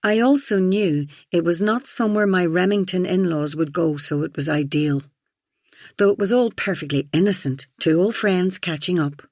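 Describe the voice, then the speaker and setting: Woman reading a thriller audiobook, steady reflective tone, dry studio sound. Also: lowish voice, moderate pace, no room sound. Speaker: audiobook narrator. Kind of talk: first-person audiobook narration.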